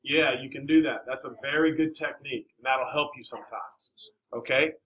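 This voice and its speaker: Bright-voiced encouraging male math teacher. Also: mid-range voice, moderate pace, low-quality recording. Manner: encouraging, coaxing questions, many "all right"s. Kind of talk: classroom teaching. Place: classroom.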